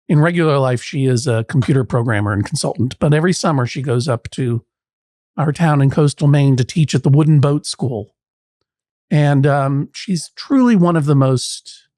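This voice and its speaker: A man's voice: a little high, darkish tone, dry recording, studio quality. A man hosting a comic mock courtroom show, wry and playful with rambling asides. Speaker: podcast judge host.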